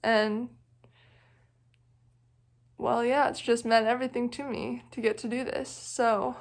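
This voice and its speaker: A young thru-hiker vlogs about her long-distance hike, reflecting in a rambling way peppered with "like" and "you know." She's emotional and close to tears. Her fairly high voice is creaky and flat, and she speaks unhurriedly.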